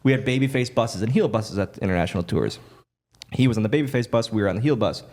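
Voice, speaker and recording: A man and former wrestler telling a story as a podcast guest, animated and full of restarts and laughs. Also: lowish voice, quick pace. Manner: animated, lively retelling with many restarts and laughs. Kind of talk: casual storytelling.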